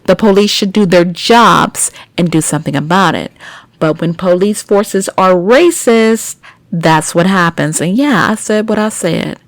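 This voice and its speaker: A woman's voice: lowish voice, unhurried, no echo. Blunt woman podcast host. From United States. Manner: indignant, blunt asides to listeners. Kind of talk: news commentary podcast.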